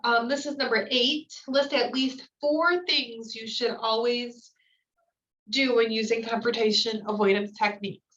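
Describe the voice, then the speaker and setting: A woman's voice: fairly high pitch, fairly even intonation, unhurried, fairly bright tone, recorded from a distance, muffled recording. A woman trainer going through slides in a recorded training lecture, explaining each point with casual fillers.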